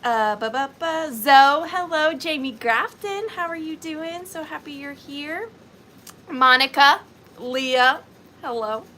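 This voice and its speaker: A woman's voice: high-pitched, takes it slowly, pushed and bright, a little hiss or hum. A woman with a Southern US accent hosting a livestream, chatting sweetly with viewers and greeting them by name. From Georgia, US. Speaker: livestream host.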